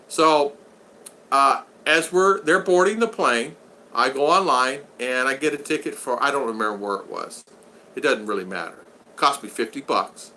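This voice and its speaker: A man with a mid-range, bright, forceful voice speaks at a moderate pace over slight background noise. He runs a casual livestream, reading out viewer comments and rambling through jokey stories with frequent laughter and quoted voices.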